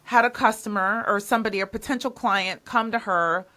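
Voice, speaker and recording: Podcast host, woman. Bright, forceful tone, emphatic and conversational. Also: medium pitch, fairly quick. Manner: emphatic, repeats herself when stressing a point. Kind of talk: casual interview chat.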